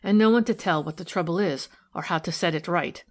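A woman's voice: deep voice, normal speed. A woman reading a proud, resentful old housemaid. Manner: plain servant's dialect, blunt. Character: stout loyal older housemaid, proud, resentful. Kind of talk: audiobook character reading.

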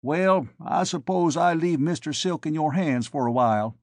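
A man's voice: on the high side, normal speed, no room sound, pitched above the performer's own voice, lightly acted. A man voicing a genial male president who speaks in an easygoing, chatty way. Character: genial older male president, folksy host.

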